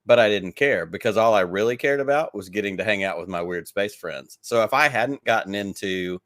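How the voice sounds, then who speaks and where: A man with a Southern US accent speaks in a low voice, recorded close and dry with no room sound. He rambles eagerly through his stories, leaning on "like" as he goes. It sounds like a relaxed podcast interview. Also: brisk, dry recording. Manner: enthusiastic rambling storyteller, many "like"s. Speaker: podcast guest. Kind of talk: casual interview chat.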